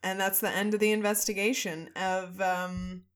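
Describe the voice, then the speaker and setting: A woman co-hosting a casual chat, retelling a story with lively acted-out quotes and frequent swearing. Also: medium pitch, normal speed, smooth. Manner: animated storytelling, acting out quotes, swears, laughs often. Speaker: podcast co-host. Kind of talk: casual chat retelling a ghost-hunting show.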